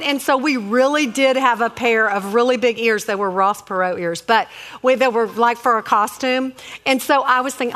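Middle-aged woman, casual faith storytelling, animated, slightly high voice, acts out quotes. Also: normal speed, big-room sound.

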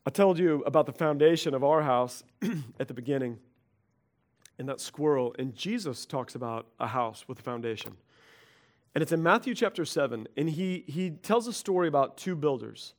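A middle-aged male pastor preaching a conversational sermon, animated and acting out quoted voices. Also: a little high, normal speed.

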